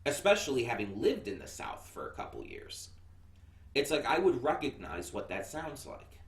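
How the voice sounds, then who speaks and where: A man's voice: mid-range voice, huge pitch swings, moderate pace. An American man giving a casual anime review, chatty and rambling with lots of fillers and restarts. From United States. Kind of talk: casual first-impressions review. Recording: echoey room, mic set far off.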